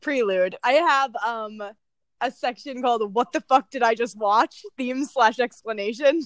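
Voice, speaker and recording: Young woman podcast host, kinda high voice, lots of laughs and swearing, super dry close sound. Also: measured pace, dry recording. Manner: laughing often, swears casually. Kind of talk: casual chat.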